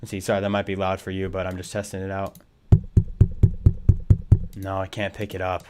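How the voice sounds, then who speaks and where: A man's voice: sits low, monotone, normal speed, very noisy. A man hosting a music production livestream, thinking aloud and interrupting himself casually. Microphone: desk USB microphone.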